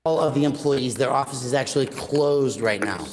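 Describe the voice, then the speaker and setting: A man calmly talking with city office staff about when he can return. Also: mid-range voice, normal speed. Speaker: visitor making a records request. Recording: background crowd noise.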